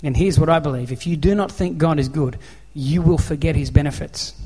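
A man's voice: a little high, a little fast, dark tone, breathy edge. A man with an Australian accent preaching a sermon, telling a personal story in an earnest, conversational way. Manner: earnest, conversational, acts out dialogue. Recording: long reverb of a large hall.

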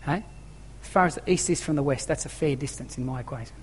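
Speaking quickly at a medium pitch, a pastor preaches emphatically to his flock in a church hall, circling back to key phrases and asking rhetorical questions. A little hiss or hum sits under the long, echoing church reverb.

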